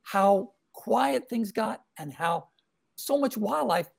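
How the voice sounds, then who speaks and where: A man's voice: high-pitched, lively intonation, slow, creaky, no room sound, studio quality. A man, a cartoonist guest chatting in an interview, hesitant with many fillers and restarts. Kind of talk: casual interview chat.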